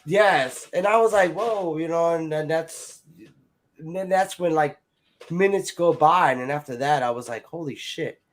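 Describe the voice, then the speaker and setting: Slightly high and a bit slow, a man's voice carries a casual, rambling account of his own experience. He curses freely, relies on "like" and "you know," and acts out what others said.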